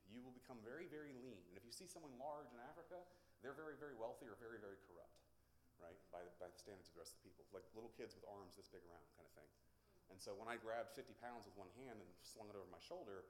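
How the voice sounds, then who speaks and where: A man's voice: lowish voice, roomy sound, slight background noise. A man giving a sermon testimony, telling stories and acting out the voices in them. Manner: animated storytelling, acts out quotes.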